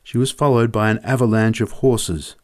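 A man reading a humorous memoir story aloud in a vivid, measured way. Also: lowish voice, fairly even intonation, a little mellow.

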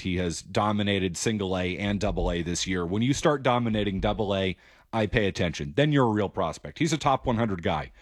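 A man hosting a call-in sports show speaks in a fairly low voice. He is brisk and opinionated. The studio sound is dry and close. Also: no echo. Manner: opinionated, brisk, takes calls. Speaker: sports radio host. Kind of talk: call-in sports radio talk.

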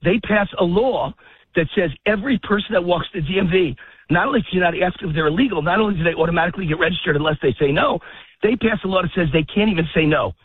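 A man's voice: high voice, breathy edge, no echo. A man calling in as a guest on a talk radio show, heated and emphatic, out of breath while walking his dog in a park. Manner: heated, emphatic, rapid-fire ranting. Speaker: political commentator guest. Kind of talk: phone-in talk radio interview. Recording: tinny phone line.

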